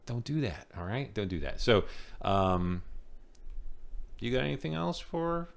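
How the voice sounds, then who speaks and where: A man's voice: medium pitch, sing-song, unhurried, vocal fry. A man co-hosting a podcast in casual, rambling chat, often restarting his sentences. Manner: loose, rambling, lots of restarts. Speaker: podcast co-host.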